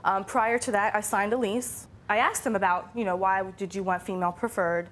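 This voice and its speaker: A woman's voice: medium pitch, fairly even intonation, a little fast, a bit bright. A young woman from Philadelphia, the plaintiff on a courtroom show, telling her story in an upset and indignant way.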